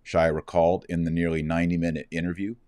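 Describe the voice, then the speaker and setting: Deep low guy reading out a news piece, brisk and earnest, dry close sound. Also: little pitch movement, darkish tone, clear, resonant tone, no echo. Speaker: host and commentator. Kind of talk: reading a news story aloud with commentary.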